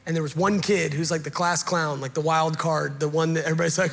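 A man's voice: fairly high pitch, steady tone, brisk, gravelly, fairly bright tone, long reverb tail. A man, a pastor giving a sermon in a casual, joking storytelling way, with many fillers.

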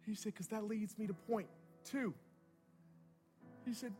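A young man preaching a sermon, telling a story with animated energy that swings from loud to hushed. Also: high-pitched, measured pace, long pauses, soft background music.

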